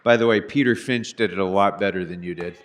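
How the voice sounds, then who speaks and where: A man's voice: deep voice, fast. A man chairing a city council meeting from the dais, curt and firm, handing out dry rebukes. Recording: reverberant council chamber.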